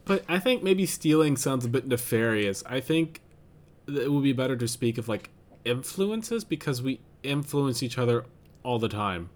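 A man's voice: medium pitch, lively intonation, moderate pace. A man co-hosting a podcast, chatting casually and thinking aloud with lots of fillers and restarts. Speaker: podcast co-host. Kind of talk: casual chat.

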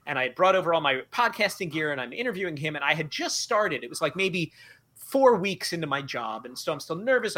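A middle-aged man in casual podcast chat, telling stories in an animated way and laughing as he goes. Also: fairly high pitch. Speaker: podcast guest, song parodist.

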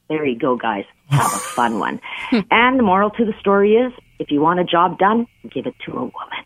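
A woman's voice: lowish voice, sing-song, a little fast, dry recording. A woman calling in to a radio show, chatty and rambling as she tells a joke. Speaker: caller. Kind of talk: phone-in joke telling. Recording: tinny phone line.

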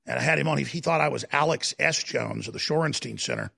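A mid-range male voice, husky and sharp with vocal fry, belongs to a talk radio host. He delivers political commentary that is impassioned and digressive, firing off phrases in quick succession and constantly starting his sentences over.

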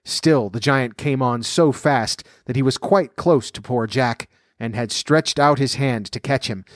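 Male storyteller, fairy tale, mid pitch, steady and measured, dry close sound. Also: no echo.

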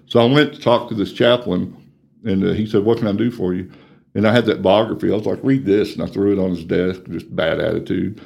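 A middle-aged man with a drawl tells his story in an interview, plain-spoken and earnest. His voice sits low and dark, with a gravelly fry. He drops to a hush when things get painful. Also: steady tone, fairly quick. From Texas, USA. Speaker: ministry coordinator.

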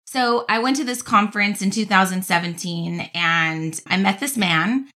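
A woman hosting a podcast, talking in an energetic, enthusiastic way and swearing casually. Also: mid-range voice, moderate pace. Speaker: podcast host.

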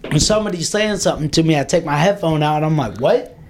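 Young male podcast host, a touch high, loose and profane storyteller, faint hiss behind. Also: quick pace. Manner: profane, excitable, laughs while telling stories. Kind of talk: casual storytelling chat.

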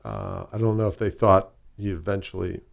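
A man's voice: fairly low pitch, level tone, moderate pace, gravelly. A man with a Chicago accent, a guest in an interview, who tells rambling stories full of fillers and restarts. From southwest side of Chicago. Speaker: guest, whisky ambassador. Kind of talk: casual interview storytelling.

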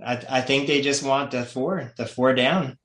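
A man talking casually as a podcast guest, telling animated stories, repeating words and laughing often. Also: mid-range voice, a little slow, roomy sound. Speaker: guest, skateboarder and skatepark designer.

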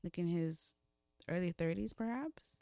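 A woman with a lowish voice chats about a book, acting out the characters' lines as she retells scenes. The sound is dry and close, with no room around it. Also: unhurried, creaky, dry recording. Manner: animated, acts out characters while retelling. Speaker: book podcast co-host. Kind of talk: casual chat.

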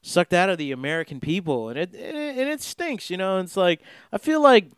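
A young man talks in a loose, meandering way, piling up filler words and swearing freely as he hosts a podcast. His voice sits a little high and comes through smooth and clear, recorded dry and close with no room sound. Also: animated, fairly quick, no room sound. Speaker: podcast host. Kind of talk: casual rambling monologue.

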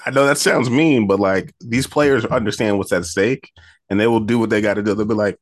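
Deep-voiced man breaking down football picks. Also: fairly quick, no echo, studio quality. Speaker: sports betting podcast co-host. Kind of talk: casual sports talk.

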